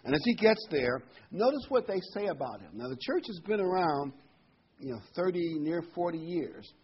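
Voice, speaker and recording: A man's voice: fairly high pitch, lively intonation, moderate pace, muffled recording, slight background noise. A man preaching a Bible sermon in a conversational, emphatic way, his voice rising sharply on key words.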